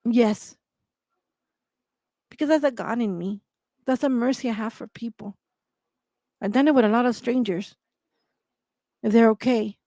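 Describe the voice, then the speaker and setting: A woman's voice: a little high, dry recording. Impassioned woman host, dry close sound. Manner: emphatic, repetitive, rhetorical questions, heated. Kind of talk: impassioned commentary monologue.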